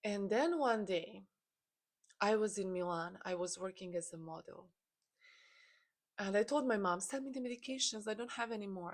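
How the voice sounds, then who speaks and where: Earnest woman, motivational. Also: medium pitch. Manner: earnest and intense, with many restarts and repeated phrases. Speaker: spiritual content creator. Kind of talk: personal story, motivational talk.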